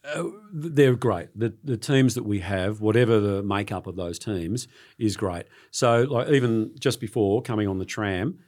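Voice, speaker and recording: A middle-aged Australian sports journalist tells stories in a casual interview. His voice is on the low side and a little mellow, and he speaks earnestly but haltingly, often repeating words.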